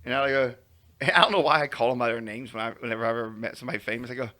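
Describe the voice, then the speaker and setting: A man's voice: mid-range voice, steady tone, rapid-fire, bright, forceful tone. A man telling a story on a casual podcast, acting out quotes and laughing often. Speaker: podcast co-host.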